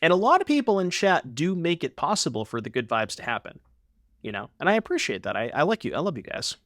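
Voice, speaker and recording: A man's voice: on the high side, very animated, fast, fairly bright tone, dry recording, studio quality. A young man streaming a card game, chatting casually and rambling to his viewers with the odd swear.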